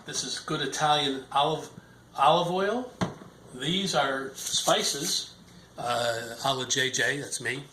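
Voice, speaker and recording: A man's voice: medium pitch, slow pace, background noise. Older man chatting through a cooking demo. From Ireland. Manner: chatty, rambling with asides. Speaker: home cook. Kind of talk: casual cooking demonstration. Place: home kitchen. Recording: echoey kitchen with sizzling pan.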